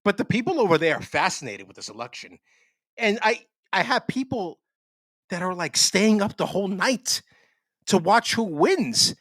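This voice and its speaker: Here a man with a high voice speaks at a moderate pace, no echo in the audio. As one of the podcast's co-hosts, he rambles through lively, foul-mouthed anecdotes in relaxed conversation.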